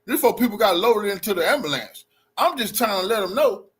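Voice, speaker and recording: Agitated high-voiced man, husky and profane. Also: expressive, fast, fairly bright tone. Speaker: livestreaming vlogger. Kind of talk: heated livestream confrontation and recap. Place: in and around a bar. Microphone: phone livestream.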